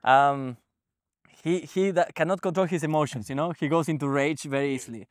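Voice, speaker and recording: Halting, animated man with a dry sound. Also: fairly high pitch, no echo. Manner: animated, halting, frequent restarts and fillers. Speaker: guest sharing a spiritual experience. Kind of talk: casual storytelling conversation. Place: ashram.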